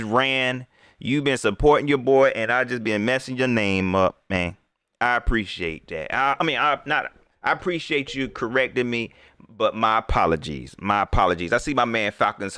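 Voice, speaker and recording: A young man hosting a live stream, chatting casually and giving loose, slangy shout-outs to viewers. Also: mid-range voice, smooth, no echo, studio quality. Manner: loose, slangy, rambling, lively.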